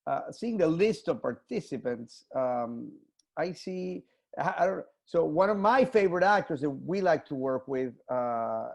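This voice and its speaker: Gravelly, halting man hosting a video call. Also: fairly high pitch, lively intonation. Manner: halting, full of fillers and restarts. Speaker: theater director hosting a panel. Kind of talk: casual video-call chat.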